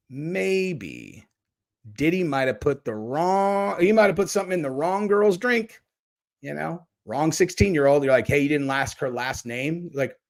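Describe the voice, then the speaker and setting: A man hosting a livestream, ranting and mocking chat commenters with a lot of swearing. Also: a little high. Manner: profane, mocking, talks back to chat. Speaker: livestream host. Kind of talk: casual livestream rant.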